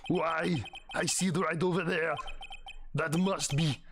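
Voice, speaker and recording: A man voicing a pompous, menacing male villain with slow, theatrical delivery. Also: a little high, fairly even intonation, fairly bright tone, slight background noise. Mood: smug.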